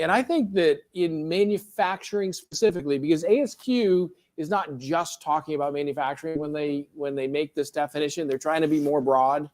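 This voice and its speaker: A man's voice: on the high side, darkish tone. Man lecturing a class, casual and joking. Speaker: professor.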